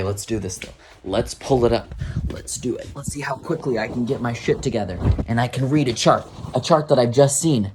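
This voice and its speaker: A man's voice: medium pitch, a little mellow, a little hiss or hum. Young male astrologer, loose and jokey, talks to himself, mid-range voice, casual stream. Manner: rambling, self-talking, jokey. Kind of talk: casual live-stream chat.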